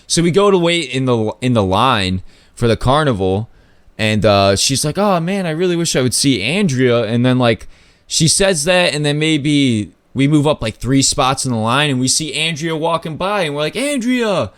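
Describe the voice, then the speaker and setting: A man hosting a podcast, telling a story in a loose, casual way, full of "like" and swearing, with sudden pitch jumps when he acts out other people. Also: animated, normal speed, clean tone, dry recording. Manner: loose, filler-heavy talk with lots of "like" and swearing. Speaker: podcast host.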